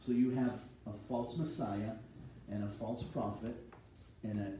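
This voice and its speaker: A man's voice: fairly low pitch, steady tone, unhurried, mellow, far from the mic, a little hiss or hum. A man preaching a sermon as a pastor, teaching steadily and reading scripture aloud. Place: church sanctuary. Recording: echoey hall, voice from off-mic.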